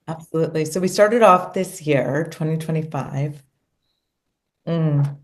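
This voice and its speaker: A middle-aged woman with a low, unhurried voice tells a personal story as an interview guest. She speaks earnestly and with emotion, in a conversational storytelling style.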